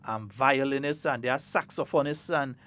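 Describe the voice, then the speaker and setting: A man's voice: mid-range voice, moderate pace, a bit bright. A man with a Grenadian accent hosting a casual morning radio talk show, chatty and playful, slipping between creole and standard English.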